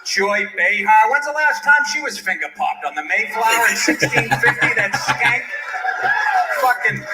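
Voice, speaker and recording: A man's voice: high voice, very animated, normal speed, roomy sound, over music, low-quality recording. A man doing a brash, crude, mocking stand-up comedy routine.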